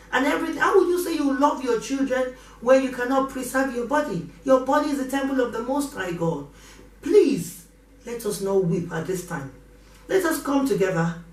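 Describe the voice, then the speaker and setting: A middle-aged woman pastor, preaching with passion and repeating her pleas. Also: fairly high pitch. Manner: impassioned, repeats exhortations. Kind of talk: preaching sermon. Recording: roomy echo from a distance.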